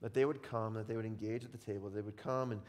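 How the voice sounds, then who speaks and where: A pastor preaching a sermon and retelling a story with drama, dropping to a hush and then rising to loud excitement. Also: male voice, on the low side, fast. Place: church sanctuary. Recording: long reverb of a large hall.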